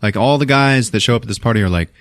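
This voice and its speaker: This podcast host's medium-pitched voice races along as he recaps a movie, crude and laughing, telling it with animated energy. The audio is studio quality without any echo.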